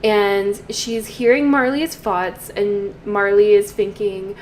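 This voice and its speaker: A woman's voice: mid-range voice, steady tone, slow, few pauses, darkish tone, slight background noise. A woman giving casual commentary over a life-sim game, chatty and storytelling, with trailing fillers. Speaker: let's play host.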